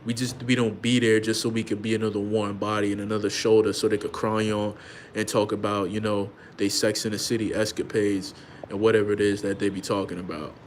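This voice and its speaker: A man hosting a comedic rant in an animated, slangy, conversational way. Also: fairly low pitch, brisk, a little hiss or hum. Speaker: host.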